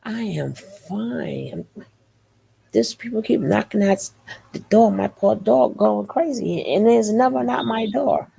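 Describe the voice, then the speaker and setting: A woman's voice: mid-range voice, expressive, slow, vocal fry, dark tone, husky. A woman hosting a live stream in a casual chat style, playful and teasing as she greets viewers by name. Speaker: livestream host.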